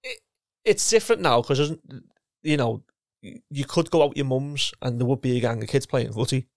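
Gravelly man, rambling football talk. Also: medium pitch, moderate pace, no echo, studio quality. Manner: rambling, repeats words, restarts often. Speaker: former footballer and coach, guest. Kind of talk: casual chat.

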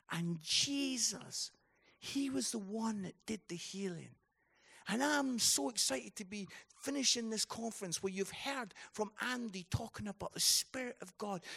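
A man delivers a conference sermon with a gravelly, creaky edge to his voice. He speaks slowly and deliberately, letting stories unfold before rising into passionate exhortation. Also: high-pitched, a bit bright. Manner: storytelling, building to passionate exhortation. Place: conference hall.

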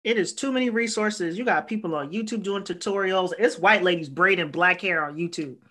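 A woman's voice: lowish voice, brisk, fairly bright tone. A young woman guest in a casual podcast chat, blunt and laid-back, with plenty of slang.

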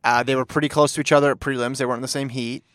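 A man's voice: mid-range voice, level tone, rapid-fire, fairly bright tone, no echo. Man in a dry close-miked sports chat. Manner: enthusiastic, laughs while telling anecdotes.

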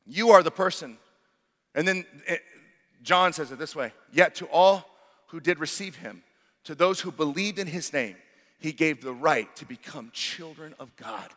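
A male pastor preaches, his high voice rising into loud exclamations and dropping to hushed, intimate passages. His tone is bright and forceful. The sound carries the long reverb of a large hall. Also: animated, moderate pace. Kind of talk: sermon.

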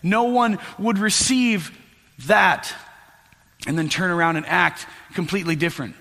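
Guy pastor preaching, bright tense voice, kinda high, big echoey church sound. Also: measured pace, vocal fry. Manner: animated storytelling with voiced asides. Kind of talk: sermon. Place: church sanctuary. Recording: echoey hall with long reverb.

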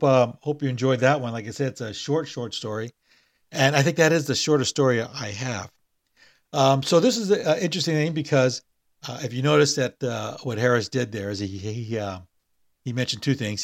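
A man's voice: medium pitch, dry recording, clean studio sound. A man hosting a podcast, chatting hesitantly with many fillers and reading a spooky short story aloud. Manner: hesitant, full of fillers and restarts in chat.

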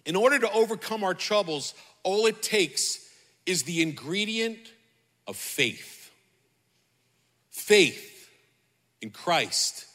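A man with a high, bright, ringing voice preaches with fervor. He repeats his phrases and calls out to the congregation. The sound carries a long reverb, as in a large hall. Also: lively intonation, slow, pauses often. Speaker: pastor. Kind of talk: sermon.

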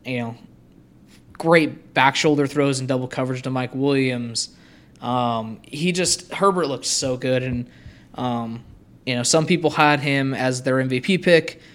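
A man's voice: mid-range voice, measured pace. A man co-hosting a sports podcast, chatting casually about football picks with frequent ums. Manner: relaxed, frequent ums and you-knows. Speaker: podcast co-host.

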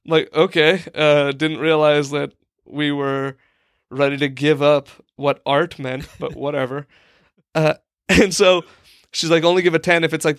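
A man's voice: a little high, a bit bright, clean tone, dry recording, clean studio sound. A young man telling a long, rambling comic story on a podcast, full of "like" and acted-out quotes. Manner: rambling, lots of "like", acts out quoted people. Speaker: podcast co-host. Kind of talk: casual comedic storytelling.

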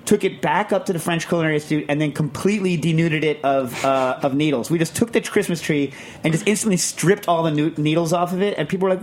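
A man hosting a casual radio chat show in a studio, talking in a rambling, emphatic, animated way. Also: on the high side, quick pace, slight background noise.

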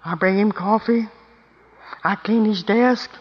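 A woman's voice: mid-range voice, slow, slightly rough. An earnest, confiding office secretary, quoted by an older woman telling a story. She speaks from a big hall that carries a long echo. The recording sounds a little muffled.

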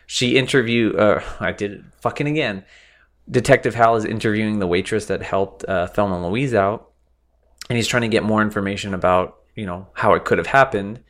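A man's voice: lowish voice, brisk, a bit bright. A man co-hosting a podcast, recapping a film bluntly, swearing freely and correcting himself. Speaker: podcast co-host. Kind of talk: casual movie discussion.

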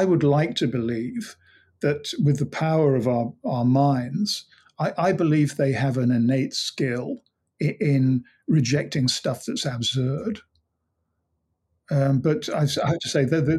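Husky man telling stories of clients. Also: on the high side, darkish tone. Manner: storytelling, acts out client dialogue, many restarts. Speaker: hypnotherapist and mind coach, guest. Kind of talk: conversational interview.

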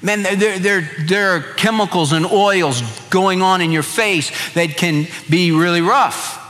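A man's voice: high voice, unhurried, fairly bright tone, soft background music. A middle-aged male pastor preaching a sermon with folksy, humorous storytelling. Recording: reverberant church hall.

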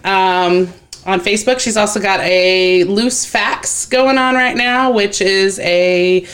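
A woman in her thirties co-hosting a podcast in casual chat, talkative and quick to laugh. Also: mid-range voice, fairly even intonation. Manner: chatty, laughs often. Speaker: podcast co-host.

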